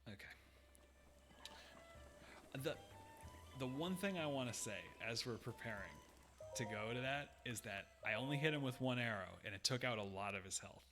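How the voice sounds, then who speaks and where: A male game streamer, the main player, chats live while he plays, thinking out loud with hesitant fillers and a bit of dry humor. His medium-pitched voice is animated and moves at a normal speed, broken by long pauses, with music playing in the background.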